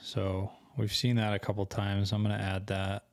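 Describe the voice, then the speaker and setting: A young man walking through a screen-share tutorial, thinking aloud casually and correcting himself as he goes, his voice going hoarse. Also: lowish voice, monotone, normal speed, no echo. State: losing his voice. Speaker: co-host of an online selling channel.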